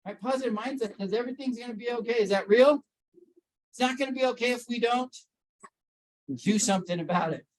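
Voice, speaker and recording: A man's voice: very high-pitched, brisk, pauses often, rough recording. A man giving a motivational talk on mental health to a workplace audience, asking them questions and calling on people by name. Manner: emphatic, repeats key points. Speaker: workplace wellness speaker.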